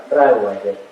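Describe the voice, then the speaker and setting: A man's voice: fairly low pitch, heavy background noise. A man of about forty doing a chatty, rambling stand-up comedy set on a convention stage. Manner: chatty, rambling and animated, with frequent fillers and self-laughs. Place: convention stage with a live audience. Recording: very echoey, distant, muffled hall recording.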